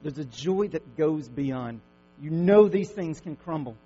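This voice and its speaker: High-voiced preaching man, hum behind. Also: animated, a little slow. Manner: swings from loud fervent declaring to hushed gentle reassurance. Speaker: pastor. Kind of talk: sermon. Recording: dull lo-fi recording with faint mains hum.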